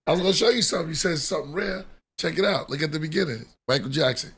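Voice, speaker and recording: A man's voice: fairly high pitch, lively intonation, very fast, a bit bright, slightly rough. A man hosting a podcast in laid-back casual chat, laughing often and answering in short replies. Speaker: podcast host.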